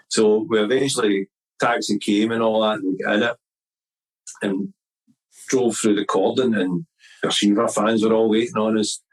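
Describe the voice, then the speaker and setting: A man's voice: lowish voice, rough recording. A middle-aged man, a podcast guest telling a long story in casual chat, rambling with restarts and acting out the people he quotes. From Scotland.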